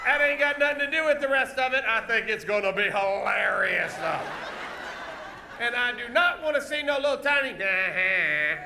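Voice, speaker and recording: A man hosting a live comedy show, teasing volunteers from the audience with loud stage patter. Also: very high voice, expressive, brisk, creaky, background noise. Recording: echoey venue with music and crowd.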